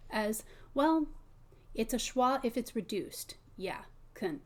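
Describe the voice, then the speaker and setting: A woman coaching pronunciation one on one, patient and softly modeling sounds. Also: on the high side, expressive, slow pace.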